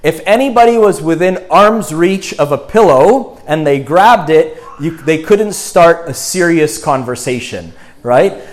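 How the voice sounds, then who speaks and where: A man's voice: fairly high pitch, expressive, a little slow. A middle-aged man giving a sermon in a conversational style, often checking in with "right?" and restarting phrases.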